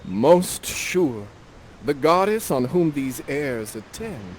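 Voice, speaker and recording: A man voicing a lovestruck young nobleman, speaking old verse slowly and solemnly. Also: mid-range voice, very animated, slight background noise. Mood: dazzled.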